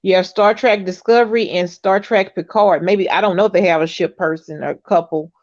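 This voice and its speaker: A woman guest in a casual video chat who talks hesitantly with many fillers and quick agreements. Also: fairly low pitch, fairly even intonation, darkish tone. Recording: muffled call audio.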